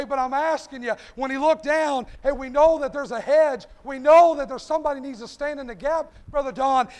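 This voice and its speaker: A man preaching an impassioned sermon, starting almost every phrase with "hey.". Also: very high voice. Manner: impassioned, repeats "hey" constantly. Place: church sanctuary. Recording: long hall reverb.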